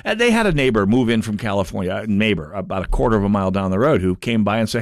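A man hosting a political talk radio show, delivering a sarcastic, mocking monologue with sudden jumps in pitch for emphasis. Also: expressive, fast talker, few pauses, no echo, studio quality.

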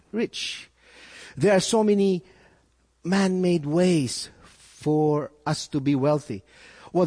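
This sermon comes from a man whose voice is a little high, warm and slightly rough. He puts questions to his listeners and repeats words as his point builds, recorded in an echoey hall with a long reverb tail.

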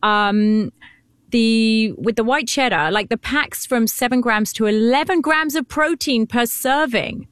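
A woman with a British accent co-hosting a talk show, chatty and animated, laughing often. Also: fairly high pitch, a little slow, dry recording, studio quality. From Britain. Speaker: co-host. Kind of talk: casual chat.

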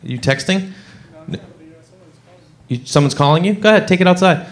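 A young male stand-up comedian tells a rambling story and acts out each character's voice. His pitch sits a bit high and swings widely. His delivery is animated throughout. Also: normal speed.

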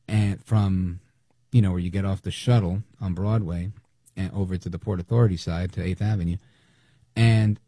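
A man's voice: fairly low pitch, gravelly, slightly rough, dry recording. A man hosting a talk radio show, delivering an opinionated monologue with sarcasm and mocking quotes. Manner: animated, sarcastic, mimics others in quotes.

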